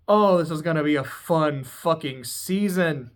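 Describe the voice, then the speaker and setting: Casual tv episode recap, excitable, profane, laughs a lot, medium pitch. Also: measured pace, hardly any pauses. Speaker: TV show reviewer.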